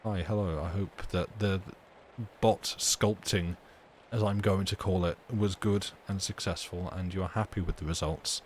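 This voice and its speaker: A man's voice: low voice, fairly even intonation, moderate pace, slight background noise. A man hosting a live stream, chatting casually and teasing viewers in a dry, rambling way. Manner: dry, teasing banter with frequent restarts. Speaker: livestream host reading stories.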